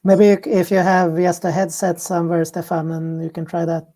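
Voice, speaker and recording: A woman co-moderating an online panel discussion, reading out questions in a measured way over a video call. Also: lowish voice, flat delivery, mellow.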